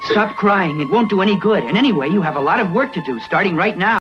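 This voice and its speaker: Stern bossy voice, acted out snapping fast, dull clip w music under it. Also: medium pitch, lively intonation, lightly acted. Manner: firm and commanding. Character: stern voice ordering someone to stop crying.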